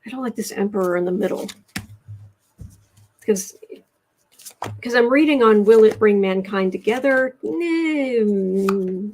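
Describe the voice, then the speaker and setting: A woman's voice: medium pitch, expressive, slow, pauses often, a little mellow, slight background noise. A woman from the United States hosting a casual tarot livestream, chatting and restarting her sentences as she reads cards and chat. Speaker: tarot reader livestream host.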